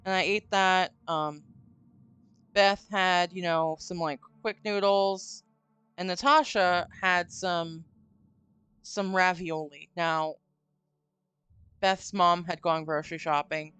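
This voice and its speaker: A woman's voice: lowish voice, steady tone, takes it slowly, long pauses, fairly bright tone, clean tone, no room sound. A woman hosting a live stream, chatting casually and telling a long, rambling story with some swearing. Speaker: streamer host. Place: home stream room. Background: faint spooky music.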